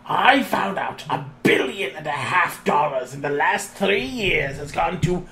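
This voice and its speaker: A man voicing a cranky old man who rants slowly and indignantly about taxes. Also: a little high, lively intonation, bright, forceful tone, slight background noise, exaggerated voice. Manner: slow, indignant ranting.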